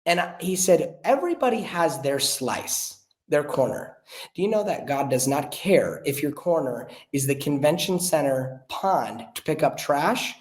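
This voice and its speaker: A man's voice: on the high side, unhurried. Earnest young man in a roomy space. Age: young adult. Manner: earnest, animated storyteller, acts out quoted voices. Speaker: podcast guest. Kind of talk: casual storytelling chat. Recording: roomy echo.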